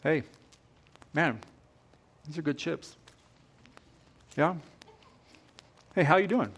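A preacher voicing a sly, friendly male devil who tempts people with hushed, chummy talk. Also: slow pace, slightly rough, exaggerated voice. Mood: wheedling. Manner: low, hushed, chummy whispering.

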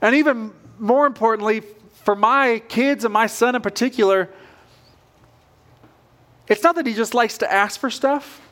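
A man's voice: very high-pitched, moderate pace, long pauses, fairly bright tone. A middle-aged male pastor preaching a sermon in an earnest, conversational way.

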